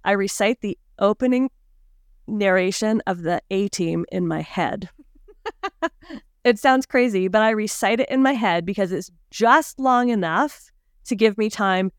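A woman's voice: medium pitch, a little slow, smooth, no room sound, clean studio sound. Confident woman giving emphatic advice. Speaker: podcast guest. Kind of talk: casual podcast conversation.

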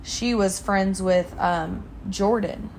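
A young woman with an ordinary mid-range voice talks through celebrity gossip with a friend. She's chatty and animated in her storytelling, with a faint hiss under the recording. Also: medium pitch, slow pace. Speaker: podcast co-host. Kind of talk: casual chat.

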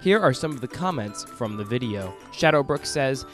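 Man, sore throat, podcast host, relaxed rambling delivery, background music. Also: mid-range voice, normal speed, hardly any pauses. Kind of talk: reading listener comments.

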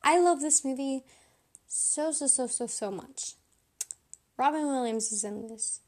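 A woman's voice: high voice, measured pace, a little mellow. A young woman rating movies in a chatty, blunt, self-mocking monologue.

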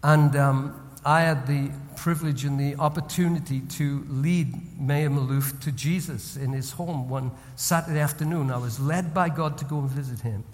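A man preaching as a senior pastor, moving between hushed, tender storytelling and loud, rising exhortation. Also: a little high, long reverb tail. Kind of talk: sermon.

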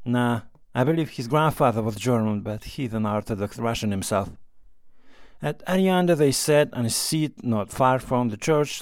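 A male narrator reads a classic novel calmly and evenly, at a middle pitch. The recording is dry and close, with no room echo. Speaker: audiobook narrator. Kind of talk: scripted narration.

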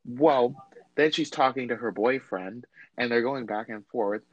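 A man's voice: medium pitch, unhurried, no echo, muffled recording. A young man telling a story to friends in casual chat, acting out the people he quotes. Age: young adult. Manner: animated, acts out quoted voices.

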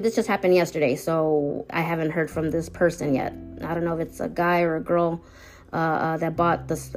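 A woman hosting her own podcast, talking haltingly with many restarts about something personal. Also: fairly low pitch. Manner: halting, hesitant, full of restarts. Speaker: podcast host.

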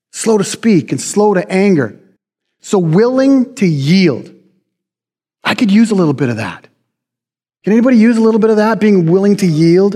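A man's voice: high voice, a little mellow, breathy edge. A man preaching a sermon in a conversational, folksy, self-deprecating way. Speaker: pastor. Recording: preached in a hall with long reverb.

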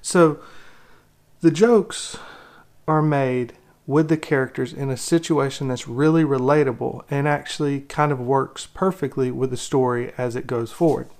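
A man's voice: mid-range voice, unhurried, darkish tone. A man giving an opinionated movie critique, exasperated and ranting, with lots of rhetorical questions. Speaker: film critic.

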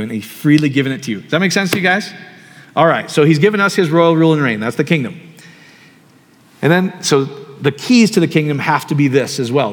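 A man preaching a sermon in a relaxed, conversational way, often asking the audience questions. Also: mid-range voice. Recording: long hall reverb.

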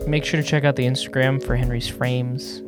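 A man's voice: mid-range voice, flat delivery, fairly quick, over music. A man hosting a podcast in casual chat, easygoing and enthusiastic, laughing often. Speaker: podcast host.

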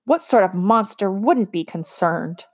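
A woman voicing a fierce, protective mother who speaks in a sharp, indignant way. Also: mid-range voice, expressive, measured pace.

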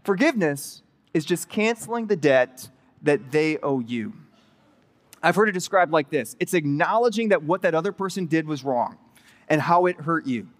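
A pastor with a high, bright voice preaches a sermon at normal speed, retelling a parable loosely and conversationally. His animated storytelling leaps into excited, rising asides, and his voice carries a long reverb, as if from a church auditorium.

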